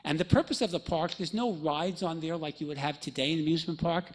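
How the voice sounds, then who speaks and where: A man's voice: fairly high pitch, fast talker. A middle-aged man giving a jokey, chatty talk to an audience, telling a story and often checking in with "okay?". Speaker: lecturer.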